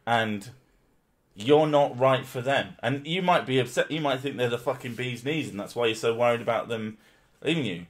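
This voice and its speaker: A man's voice: medium pitch, normal speed. Male streamer, sarcastic and profane, joking at a desk mic. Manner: sweary, sarcastic, laughing often. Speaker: streamer host. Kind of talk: casual chat.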